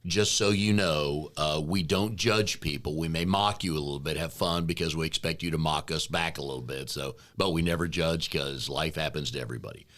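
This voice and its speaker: Deep-voiced man co-hosting a podcast. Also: a little fast, hardly any pauses. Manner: joking, chatty, relaxed banter. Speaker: podcast co-host, business coach. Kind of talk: casual podcast chat.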